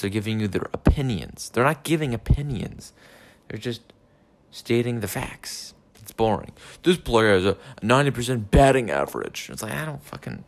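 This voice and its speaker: A man's voice: mid-range voice, no room sound. A young man in a rambling casual monologue, ranting with swearing and lots of fillers. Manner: meandering, profane ranting with many fillers. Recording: faint background noise.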